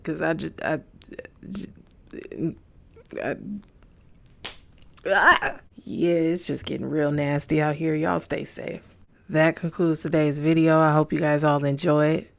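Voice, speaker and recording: A man's voice: fairly high pitch, vocal fry. A man hosting a reaction video, speaking in laid-back casual commentary.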